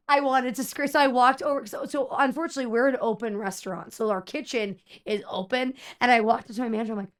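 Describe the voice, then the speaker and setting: A young adult woman chats casually with her viewers as a streamer. She tells an exasperated, animated story and acts out the people in it. Her voice sits a little high and sounds smooth and clear. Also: fast, hardly any pauses.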